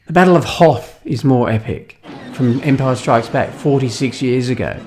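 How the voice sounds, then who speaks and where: Aussie guy ranting through a movie review, incredulous, scoffs and laughs a lot, average pitch. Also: normal speed, music in the background. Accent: Australian. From Australia. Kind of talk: opinionated film review monologue.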